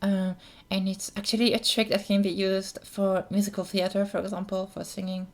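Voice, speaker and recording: A woman's voice: medium pitch, level tone, normal speed. A woman explaining voice technique in a casual spoken tutorial, hesitant, with many ums and apologetic asides. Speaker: voice coach. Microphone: camera mic, speaker close to camera.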